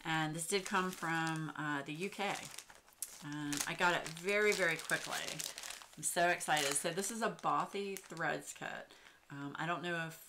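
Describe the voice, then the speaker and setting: A woman talks through her new craft supplies in a chatty, excitable way. She gushes often and fills her sentences with ums. Faint crinkling of packaging sits under her voice. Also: deep voice, a little slow, background noise. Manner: chatty and excitable, gushing, many fillers. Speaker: craft vlogger. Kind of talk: casual show-and-tell chat.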